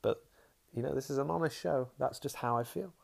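A man's voice: medium pitch, fairly quick, gravelly. A young man hosting a casual podcast monologue, rambling frankly, trailing off and restarting his sentences. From England. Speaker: podcast host.

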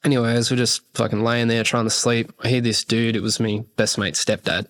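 A man's voice: mid-range voice, little pitch movement, brisk, fairly bright tone. A man, a podcast guest telling a long story in a rambling, heavily sworn casual way. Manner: profane, rambling, fillers like "rah, rah".

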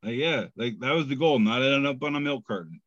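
A man with a medium-pitched, slightly bright voice and lively intonation co-hosts a comedy podcast. He reads memes aloud and makes self-deprecating jokes with long, drawn-out pauses in casual banter. The dry recording comes through a dull, lo-fi podcast mic.

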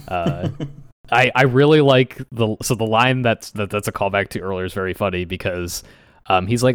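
A man's voice: sits low, steady tone, moderate pace, clear, resonant tone, no echo, studio quality. A man co-hosting a podcast in casual chat, chatty, laughing between remarks and quoting others in raised voices. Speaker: podcast co-host.

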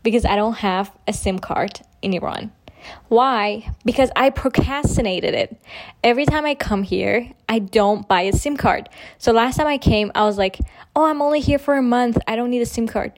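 Chatty young woman, high voice. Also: moderate pace. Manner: chatty, animated, acts out quotes in a higher voice. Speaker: podcast host. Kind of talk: casual storytelling monologue.

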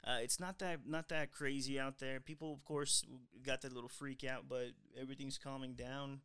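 A man from South Texas hosting a podcast in casual chat, relaxed and rambling after a booming announcer-style opening. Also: normal speed, clear, resonant tone, no room sound. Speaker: podcast host.

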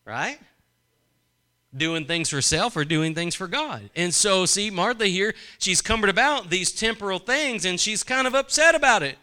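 A man's voice: high voice, animated, moderate pace, sharp tone, clean tone. A man preaching a sermon in a conversational way, asking the congregation questions and acting out quoted voices.

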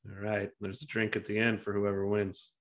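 A man's voice: fairly low pitch, monotone, fairly quick. A man in his thirties co-hosting a podcast, reading out trivia questions in a casual, joking way and swearing freely. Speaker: podcast co-host running a trivia game. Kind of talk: casual chat.

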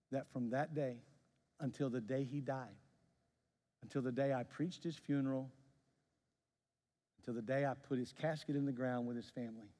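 A man's voice: medium pitch, steady tone, normal speed, pauses often, mellow, long reverb tail. A man preaching a sermon as pastor, telling stories with frequent repeated restarts on words. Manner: storytelling with repeated stammered restarts.

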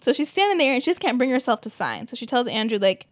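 A woman co-hosting a podcast, casually recapping a movie and slipping into quick character voices. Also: fairly high pitch, dry recording. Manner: animated retelling, quick impressions of characters. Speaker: podcast co-host.

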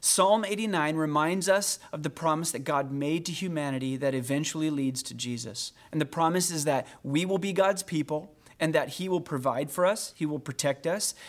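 Earnest male pastor preaching. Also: on the high side. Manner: earnest, slows down to read scripture aloud. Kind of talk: sermon.

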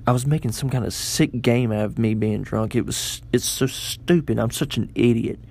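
A man's voice: mid-range voice, normal speed, vocal fry, a little mellow. A young man telling a personal story in a casual, self-mocking way, rambling with frequent restarts.

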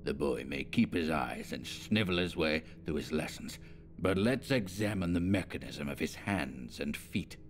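A man voicing a sinister old male alchemist in a hoarse, croaking voice, hissing and muttering his words. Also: a bass voice, lively intonation, measured pace, faint music behind, pitched below the performer's own voice. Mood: menacing.

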